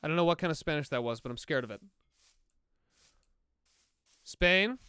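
A young man streaming a game, joking at himself and trying out halting, clumsy Spanish. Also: a little high, expressive, noisy background. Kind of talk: casual gaming livestream chat.

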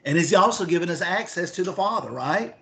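A man's voice: sits high, animated, brisk, vocal fry, a bit bright. A man teaching a Bible lesson, reading scripture aloud and asking his listeners questions. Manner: asks the class questions, reads scripture aloud.

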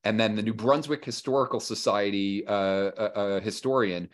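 A man's voice: lowish voice, fairly even intonation, moderate pace. A man being interviewed as a historian, talking casually and acting out what historical figures said, with frequent fillers and restarts. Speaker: historian and author guest. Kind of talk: conversational interview.

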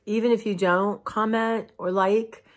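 A tired woman, talking heartfelt and rambling to her followers in a casual vlog, clearing her throat now and then. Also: mid-range voice, steady tone, unhurried. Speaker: vlogger. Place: dim room at home.

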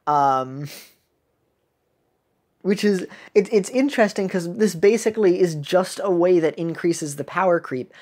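A woman with a notably low voice reads a mobile game's story text aloud in a casual commentary. She keeps stopping to make puns, correct herself and laugh at her own jokes. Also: darkish tone. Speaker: game video creator.

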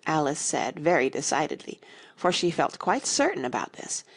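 A woman reading a classic children's story as an audiobook narrator, measured and expressive. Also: low-pitched, husky. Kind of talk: scripted narration.

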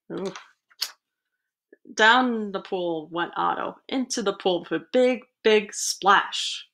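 A woman librarian reads a picture book aloud at a middling pitch. She is animated and breaks in with playful asides between pages. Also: normal speed. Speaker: children's librarian. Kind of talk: storybook read-aloud.

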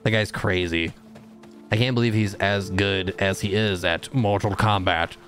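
A man streaming a video game live, chatting casually with his viewers and shouting at the screen during fights. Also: fairly low pitch, steady tone, a little slow, faint music behind. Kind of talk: casual gameplay livestream chat.

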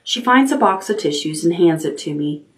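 A woman librarian reading a chapter book aloud at bedtime, calm and steady. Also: fairly low pitch, normal speed.

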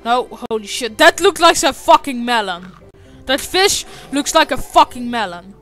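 A woman giving let's play commentary over a game she hosts, swearing a lot and often breaking into shouted, frustrated outbursts. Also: sits high, lively intonation, moderate pace, soft background music. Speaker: gaming video host.

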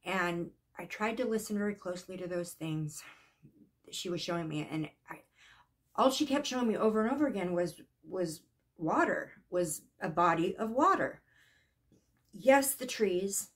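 A woman telling a personal story in a casual, earnest way, halting and shaken at times. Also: fairly low pitch, lively intonation. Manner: earnest, emotional, halting with restarts. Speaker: psychic vlogger.

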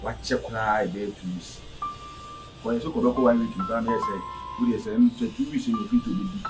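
A man acting out a young Ghanaian man in a drama, caught up in a dispute at home. He speaks haltingly, stumbling and repeating his words. His voice sits at an average pitch, with music playing behind it. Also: sing-song, gravelly. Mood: pleading. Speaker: actor in a web drama. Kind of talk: dramatic dialogue.

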